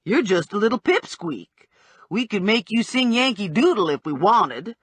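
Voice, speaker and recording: A brash female bounty hunter, as a woman reader puts her on for an audiobook, all blunt streetwise slang and an unhurried drawl. The voice is husky and swings widely in pitch, recorded dry and close. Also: sing-song, no room sound. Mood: sassy.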